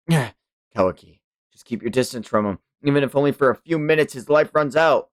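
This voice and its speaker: A man voicing a brash young male ninja leader who shouts urgent orders. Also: medium pitch, moderate pace, no room sound, studio quality, natural voice. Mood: tense.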